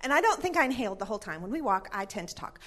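A middle-aged woman speaking at a church parenting class, telling a chatty, animated story and laughing often. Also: medium pitch, racing. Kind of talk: storytelling talk.

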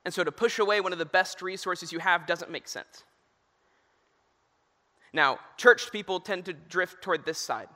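A man's voice: high-pitched, moderate pace, long pauses, bright, forceful tone. A young man who is a youth minister giving a sermon, telling stories earnestly with touches of humor. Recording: reverberant hall.

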